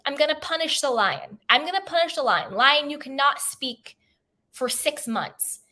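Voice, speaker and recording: A woman's voice: sits high, expressive, normal speed, bright, forceful tone, pitched above the performer's own voice. A woman voicing God as a lofty judge in a spoken parable, in a sing-song, mock-solemn way.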